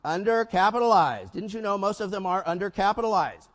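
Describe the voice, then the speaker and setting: An older man giving a keynote talk, telling stories with lively acted-out dialogue. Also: high voice, fairly quick. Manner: animated storyteller acting out quoted dialogue. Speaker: keynote speaker. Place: conference hall. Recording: hall reverb.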